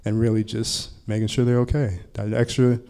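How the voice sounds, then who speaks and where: A man's voice: on the low side, level tone, moderate pace, noisy background. A man who teaches college counseling tells a story at a panel talk in a casual way, full of "like" fillers. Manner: casual, heavy use of filler "like".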